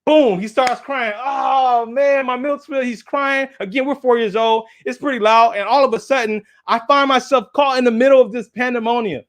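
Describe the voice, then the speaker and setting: A man speaking as a guest engineer at a symposium, telling a story in an animated way and talking straight to his audience, slipping into little voices for the people he quotes. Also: very high voice, fairly quick, few pauses. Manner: acts out small voices when quoting people in a story. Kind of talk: lively storytelling talk at a symposium.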